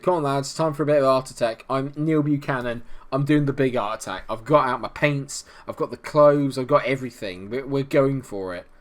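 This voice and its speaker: A young man talks through a football management game from close to the mic. He is chatty and jokey, and he breaks into excited play-by-play whenever a chance comes along. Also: mid-range voice. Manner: chatty, jokey and swings into excited match commentary. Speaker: gaming YouTuber. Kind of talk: football management gameplay commentary.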